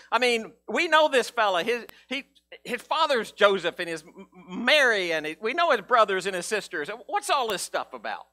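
A man preaching a conversational, animated sermon as pastor, often restarting his sentences and acting out quotes. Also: high-pitched, brisk.

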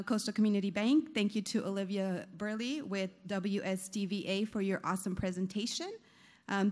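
A woman, chamber of commerce president, giving upbeat closing announcements at a business breakfast, a bit out of breath and full of fillers. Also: medium pitch. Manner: upbeat, many fillers, rushing to wrap up. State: a little out of breath.

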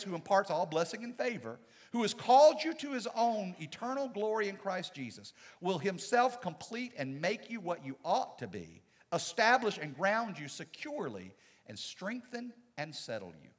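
Husky-voiced man preaching with lively swings. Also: sits high, moderate pace, hardly any pauses, big-room sound. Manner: dynamic preaching, swinging from loud to soft. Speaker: pastor. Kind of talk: sermon. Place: church sanctuary.

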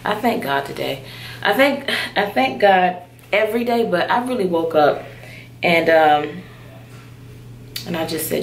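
A woman vlogger talking casually to her viewers. She is chatty and expressive and breaks into loud, alarmed exclamations. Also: on the low side, measured pace, vocal fry, a little hiss or hum. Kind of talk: casual vlog chat.

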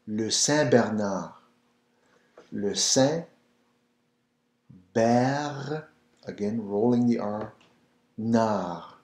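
Man, low mellow voice, slow and patient language tutor in a roomy space. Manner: patient, repeats words for the listener to copy. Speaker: French language teacher. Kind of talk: slow, repetitive pronunciation lesson. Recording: roomy echo.

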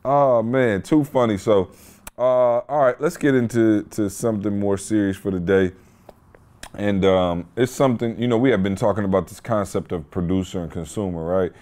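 Man, podcast host, casual storytelling, slangy, animated. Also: lowish voice, normal speed. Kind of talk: casual chat.

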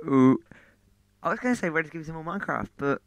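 A man's voice: fairly high pitch, lively intonation, creaky, sharp tone, dry recording. Upbeat chatty male gaming host. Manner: upbeat, chatty, quick asides. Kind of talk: casual video intro.

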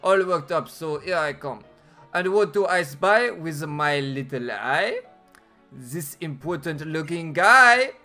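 Brief: showy male bug artist with a put-on French accent, read by a man, slow and theatrical. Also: fairly high pitch, expressive, pushed and bright, soft background music, heavily acted. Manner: theatrical, drawn-out delivery. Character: flamboyant male bug gym leader artist.

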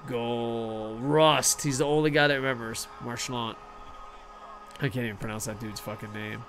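A man casually commenting over a hockey video game, excitable, swearing often and talking to himself. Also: medium pitch, normal speed. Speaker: gaming streamer.

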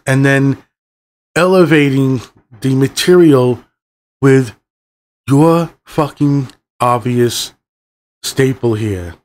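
A middle-aged man hosting a movie review channel, ranting in a heated, rambling way and swearing often. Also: a little high.

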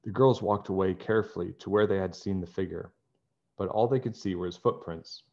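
A man reading a children's chapter book aloud in a friendly, expressive storytelling manner, on a dull lo-fi recording. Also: sits low, fairly quick. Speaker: storybook reader.

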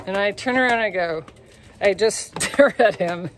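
Woman, mid pitch, casual outdoor vlog, swearing, laughing, faint background hiss. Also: moderate pace. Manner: candid, laughing, swears freely. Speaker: tour guide. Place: outdoors on a hillside lookout.

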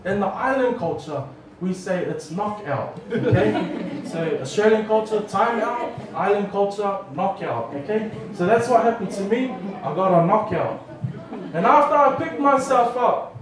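A man's voice: sits high, expressive, unhurried, crowd noise. A man preaching a humorous, audience-engaging story sermon in a church hall. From New Zealand. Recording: echoey hall from far off.

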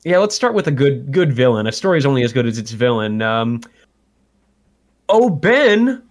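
A man's voice: mid-range voice, big pitch swings, moderate pace. A man co-hosting a comedy show, introducing friends in a playful, mock-dramatic way. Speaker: podcast co-host. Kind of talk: casual comedic commentary.

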